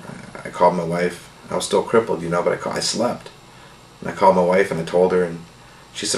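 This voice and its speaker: A middle-aged man telling his healing testimony in a casual, earnest, rambling way, full of "you know" and soft laughs. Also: sits low, flat delivery, fast talker, gravelly. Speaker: testimony speaker. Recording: echoey room with faint noise.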